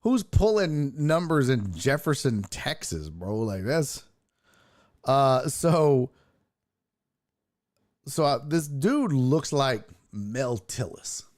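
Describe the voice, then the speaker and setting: A man's voice: medium pitch, very animated, slow pace, a little mellow. A man hosting a sports podcast, telling a loose, profane road story. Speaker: sports podcast host and comedian. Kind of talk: casual storytelling.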